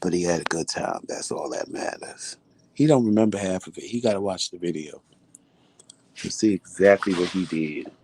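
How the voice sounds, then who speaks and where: A man's voice: sits low, moderate pace, a little hiss or hum. A man vlogging, telling a story casually and animatedly, acting out what people said. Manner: animated, acts out quotes.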